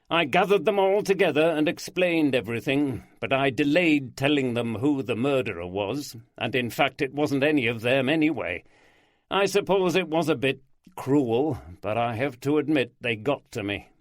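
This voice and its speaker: A man's voice: medium pitch, expressive, normal speed, no echo, pitched above the performer's own voice, lightly acted. Blunt yorkshire detective, plain-spoken, dry close sound, a male narrator doing him. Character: middle-aged Yorkshire detective, blunt, theatrical.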